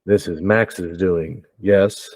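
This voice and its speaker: A man's voice: deep voice, fairly even intonation, drawn-out words, a little mellow, no room sound, heavily acted. A man voicing a stern, grieving older father who runs a dojo, speaking formally in a tabletop game.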